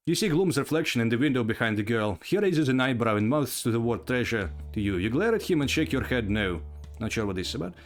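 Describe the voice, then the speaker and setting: A man narrating a text adventure out loud, his pitch rising and falling in a lively way. He tells the story with little asides of his own. Faint music plays underneath. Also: quick pace. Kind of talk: dramatic read-aloud of a text game.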